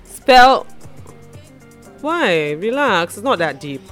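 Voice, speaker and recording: A young woman hosts a casual studio chat. She is playful and laughs easily, her pitch swinging widely. Soft music plays faintly behind her. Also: sing-song, slow. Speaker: host.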